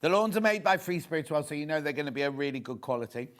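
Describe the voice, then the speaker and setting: Slightly high and a bit bright, the man's voice is animated and rapid-fire. He hosts a live TV shopping show in a studio, gossiping and chatting enthusiastically while displaying fabrics.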